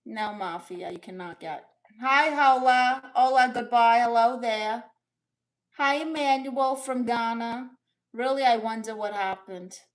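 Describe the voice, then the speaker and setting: On a comedy livestream from her bedroom, a woman takes on the character of a sassy, doting middle-aged aunt. Her voice is a little high and natural, her pace a little slow, and she chattily greets viewers and reads chat aloud with big swoops.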